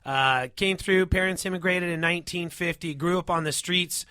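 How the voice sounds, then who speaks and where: A man's voice: sits high, moderate pace, pushed and bright, dry recording, clean studio sound. A man hosting a talk show in an enthusiastic, promotional and positive way. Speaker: podcast host.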